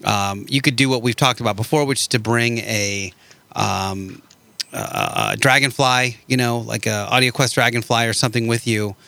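A podcast host with a bright, forceful voice that keeps probing with follow-up questions. He speaks at a middling pitch in a loose, casual chat. The recording is dry and close, with no room echo. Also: expressive, moderate pace, gravelly. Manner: inquisitive, keeps asking follow-ups.

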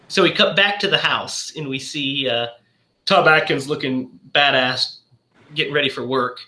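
A podcast host talks in casual chat with a bright, forceful, medium-pitched voice in a roomy-sounding space. He is enthusiastic and chatty, retelling scenes with quick voices.

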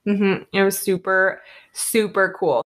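A young woman from Canada, co-hosting a casual chat and telling animated travel stories, full of "like" and "basically". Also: mid-range voice, slow pace. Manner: animated storytelling with lots of "like" and "basically". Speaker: co-host recounting travels.

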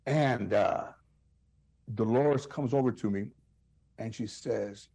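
A man with a Chicano English accent, a comedian guest telling animated anecdotes full of quoted voices and restarts. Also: on the low side, slow, vocal fry, pauses often. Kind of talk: storytelling interview.

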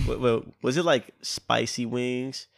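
A man's voice: mid-range voice, slow pace, gravelly. A man in casual chat, joking and reacting with lots of slang. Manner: animated, joking, profane slang.

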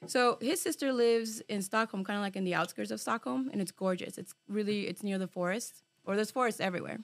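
A woman with a medium-pitched, gravelly voice talks briskly through a long personal story in casual group chat. She's animated, curses often, fills gaps with fillers, and throws in Spanish slang.

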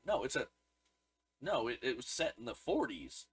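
A man's voice: mid-range voice, animated, normal speed, bright, forceful tone, slightly rough, rough recording. A man co-hosting a casual podcast, reading out review scores in a dry, matter-of-fact way. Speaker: podcast co-host. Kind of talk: casual movie review chat.

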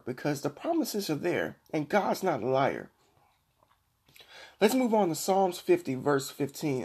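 A middle-aged man hosting a Christian devotional podcast, preaching earnestly and slowing down to read scripture. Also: on the high side, darkish tone, slightly rough. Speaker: podcast host.

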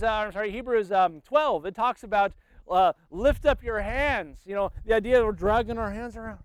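A man preaching an impassioned sermon at a family camp, often repeating words as he builds up. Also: high voice. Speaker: pastor. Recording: tinny phone-like sound with loud noise.

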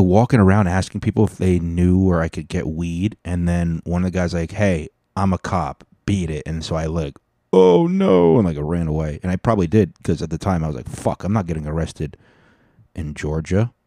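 A man's voice: sits low, mellow, no room sound. A man hosting a podcast, telling rambling, profane stories in a joking, casual way into a studio mic. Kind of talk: casual storytelling. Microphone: studio mic with cough button.

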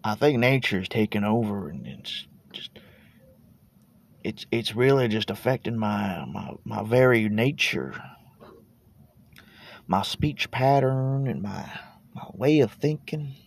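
A laid-back Texan in his thirties who hosts a podcast rambles from his parked car, cursing casually, trailing off, and repeating words. He speaks slowly in a lowish, creaky voice with lively intonation and long pauses.

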